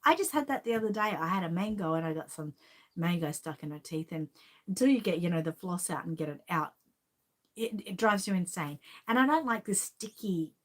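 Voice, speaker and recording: A woman with an Australian accent hosting a casual live stream, chatting in a rambling way and reading out viewer comments. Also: on the low side.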